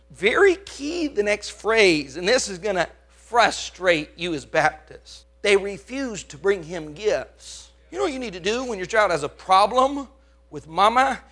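High, bright-voiced preacher man. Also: very animated, measured pace. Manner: emphatic, swinging from hushed to loud; asks the congregation questions. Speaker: pastor. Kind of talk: preaching a sermon.

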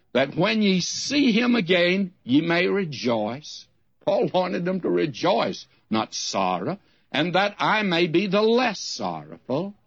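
A man's voice: mid-range voice, no room sound, dull audio. An older man from the United States giving folksy, emphatic Bible teaching, with rising questions.

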